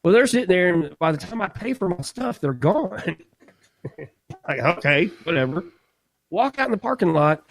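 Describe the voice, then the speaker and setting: A man co-hosting a podcast, telling a story in a casual, animated way and acting out what people said. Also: high voice, moderate pace, vocal fry, rough recording. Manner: animated, laughs while telling, acts out quotes. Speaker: podcast co-host.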